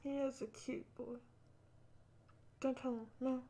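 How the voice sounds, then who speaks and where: A woman's voice: high voice, little pitch movement, slow pace, mellow. A young woman reacting live to an anime, emotional and casual, swearing often and saying "like" a lot. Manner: emotional, swearing, frequent "like" fillers.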